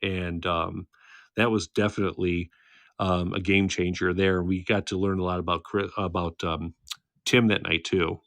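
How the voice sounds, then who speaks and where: This livestream host, an American man in his thirties, keeps things casual by a candle in his home, teasing viewers, laughing frequently, and reading their comments aloud. His low-pitched voice is fairly bright in tone, level, and at normal speed, with no room sound.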